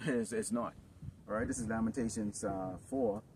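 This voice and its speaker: A man preaching in a rambling, improvised sermon, filling his talk with "okay?" and "you know" and swinging into loud outbursts. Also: on the low side, steady tone, moderate pace. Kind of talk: improvised street-camp sermon. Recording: distant mic with noisy background.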